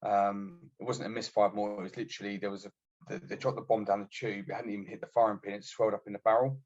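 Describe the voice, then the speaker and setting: A low-voiced man tells his stories in a blunt, sweary way, full of fillers and asides. It is casual chat on a podcast, and the audio comes through dull and muffled. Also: little pitch movement, fast, a little mellow. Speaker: guest, army veteran. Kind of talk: casual storytelling.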